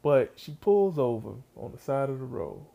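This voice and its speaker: Gravelly man telling a comic story. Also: mid-range voice, sing-song, normal speed, warm tone. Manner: slangy, conversational, talks straight to listeners.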